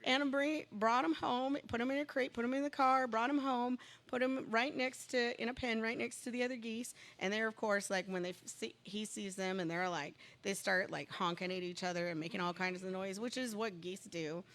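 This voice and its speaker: A woman chatting casually as a guest, telling a long rambling story and getting excited as it goes. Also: fairly high pitch, moderate pace. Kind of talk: casual chat.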